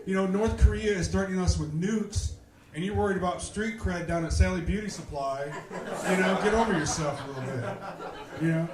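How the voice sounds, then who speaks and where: A man's voice: sits high, a little fast, crowd noise. A man in his thirties doing a stand-up comedy set, wry and exasperated, with fillers. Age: 30s. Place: comedy club stage, live audience. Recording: echoey room.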